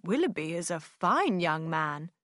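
A jolly, hearty country gentleman from a storybook, as a woman reader voices him. He talks cheerfully and boisterously. The voice sits slightly back from the mic in a dry sound. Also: fairly low pitch, big pitch swings, measured pace, dry recording, pitched below the performer's own voice.

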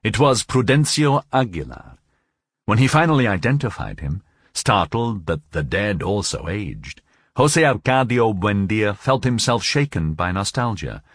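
A man narrating a novel as an audiobook, in a measured, expressive storytelling manner. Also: on the low side, breathy edge, dry recording, clean studio sound.

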